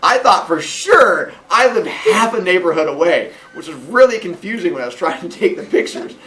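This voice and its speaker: A man in his forties telling a childhood story casually, animated and laughing often, acting out quotes in a high voice. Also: normal speed, recorded from a distance. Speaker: podcast host.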